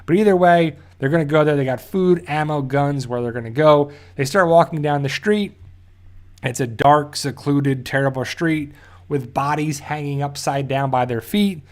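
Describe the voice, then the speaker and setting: A man's voice: a little high, moderate pace. A man casually recapping a TV episode, rambling and correcting himself as he goes. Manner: rambling, self-correcting, loosely paraphrases scenes. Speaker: TV show reviewer.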